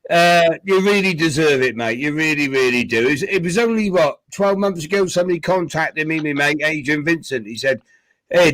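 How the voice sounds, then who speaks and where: A man's voice: a little high, a bit bright, no echo, rough recording. A man on a live stream chat, teasing and praising a young friend in casual banter. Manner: joking, ribbing banter mixed with praise. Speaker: guest on a live watchalong stream.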